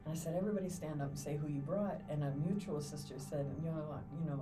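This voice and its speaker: A middle-aged woman guest on a podcast, a doula, telling her stories in an animated way and acting out the people she quotes. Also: deep voice, fast talker. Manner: animated storyteller, acts out quotes, laughs often. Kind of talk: casual storytelling interview. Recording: distant mic with clear music behind.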